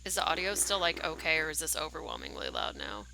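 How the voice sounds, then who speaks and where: A woman's voice: low-pitched, huge pitch swings, quick pace, vocal fry, hardly any pauses, bright, forceful tone, rough recording. A young woman streaming a game, chatting casually and rambling, with lots of "like" and "um". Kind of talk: casual livestream commentary.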